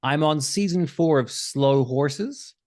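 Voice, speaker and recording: A man hosting a podcast, chatting casually in an animated, profane, self-mocking way. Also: a little high, slow. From New Zealand. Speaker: podcast host.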